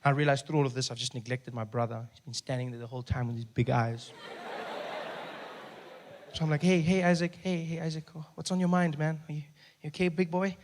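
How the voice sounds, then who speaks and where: Fast, animated comedian man. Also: slight background noise. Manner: animated, acts out characters with big pitch jumps and shouting. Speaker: stand-up comedian. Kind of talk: stand-up storytelling.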